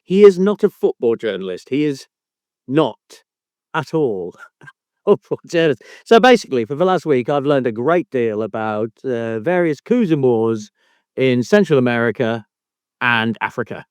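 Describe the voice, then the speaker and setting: A man's voice: medium pitch, sing-song, moderate pace, a little mellow, clear, resonant tone, no room sound. A man hosting a podcast in casual chat, teasing his co-host with mock indignation and free swearing.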